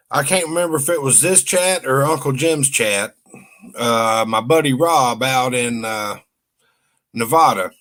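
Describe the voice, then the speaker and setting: A man's voice: medium pitch, a bit bright. A man co-hosting a casual live stream, easygoing and folksy, telling a story in a chatty way. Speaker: co-host.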